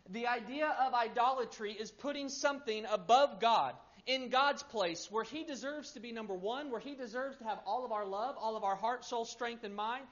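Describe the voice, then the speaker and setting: A pastor in his thirties preaching a sermon, swinging between loud emphasis and hushed, quiet stretches. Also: very high voice, moderate pace, few pauses. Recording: muffled lo-fi sermon recording.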